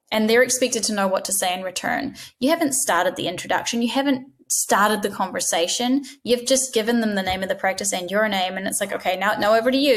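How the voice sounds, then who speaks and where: A woman giving an instructional talk as a dental practice trainer, coaching in a direct, emphatic way and acting out sample phone greetings. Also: mid-range voice.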